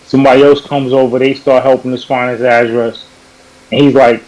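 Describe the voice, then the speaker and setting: A man's voice: medium pitch, steady tone, normal speed, darkish tone, low-quality recording. A man from New York on a video call, telling a story in a casual panel chat and correcting himself as he goes. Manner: rambling, self-correcting storyteller.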